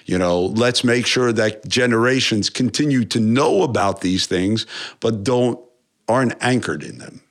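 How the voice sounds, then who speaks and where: A New York musician, appearing as a guest in a casual interview, speaks in a lowish, unhurried voice. He's animated, swears a lot, and rambles, restarting often.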